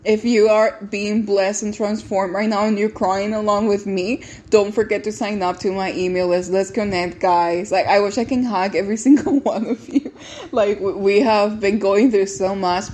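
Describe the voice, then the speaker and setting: A woman's voice: mid-range voice, a little mellow. Tearful woman podcast host. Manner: earnest, tearful, repeats words and restarts often. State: close to tears. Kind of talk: emotional personal testimony and encouragement.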